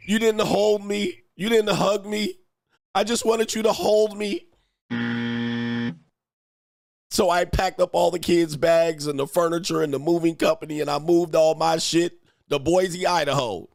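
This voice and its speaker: A man's voice: fairly high pitch, steady tone, moderate pace, gravelly, no room sound, clean studio sound, pitched above the performer's own voice. A man putting on a whiny wife voice. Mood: aggrieved. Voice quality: whiny, theatrical pleading. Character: self-pitying wife leaving her husband. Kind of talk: comedic impression in a livestream rant.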